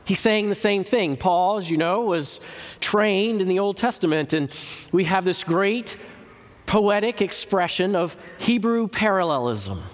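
A man preaching a teaching sermon, slow and emphatic, repeating key words with long pauses. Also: high-pitched, lively intonation. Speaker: church historian and lecturer. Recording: reverberant hall recording.

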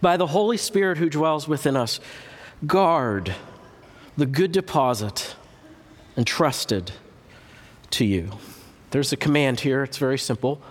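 A man preaching a teaching sermon, slow and emphatic, repeating key words with long pauses. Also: on the high side. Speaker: church historian and lecturer. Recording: reverberant hall recording.

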